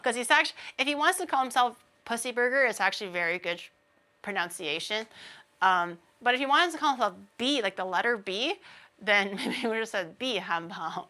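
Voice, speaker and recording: A woman streamer in loose, casual stream chat, with a bright, forceful voice set a little high. She tells animated stories, laughs often and slips into impressions of the people she talks about. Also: fairly quick. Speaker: VTuber streamer.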